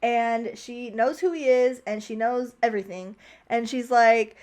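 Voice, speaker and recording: Young woman vlogging a movie recap, high voice, chatty, says like a lot, gets gushy. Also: normal speed, darkish tone. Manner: chatty, heavy use of "like", gushing. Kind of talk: casual movie recap vlog.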